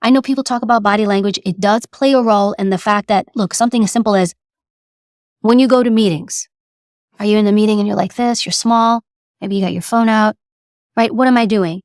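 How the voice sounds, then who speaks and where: A woman giving a motivational talk, animated and acting out examples as she speaks. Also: mid-range voice, fairly quick, dry recording, clean studio sound. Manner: animated, acts out examples, repeats words. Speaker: speaker on presence and communication.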